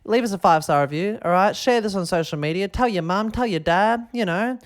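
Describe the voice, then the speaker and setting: A man with an Australian accent hosting a podcast in a casual, rambling, excitable way, often tagging his sentences with a question. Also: high-pitched, a little fast. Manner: rambling and excitable, keeps tagging "all right?". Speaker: podcast host.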